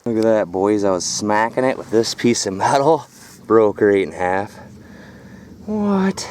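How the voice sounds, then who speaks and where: A man filming a casual vlog outdoors at a rural property. He talks straight to his viewers in a rough, profane way. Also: lowish voice, moderate pace, darkish tone, a little hiss or hum. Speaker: scrap metal vlogger.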